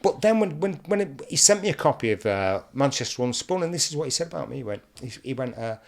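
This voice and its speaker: An older man with a strong Mancunian accent, chatting loosely in an interview. He tells anecdotes with energy and slips into quick impressions of other people as he talks. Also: mid-range voice, creaky. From England. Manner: animated storyteller, mimics others in quotes. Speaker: guest presenter.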